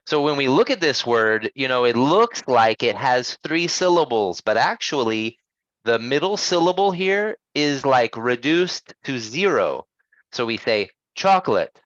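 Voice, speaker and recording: A man teaching English pronunciation, patiently correcting students and modelling sounds slowly. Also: mid-range voice, a bit bright, no echo. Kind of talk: online language lesson. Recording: dull, dry lo-fi sound.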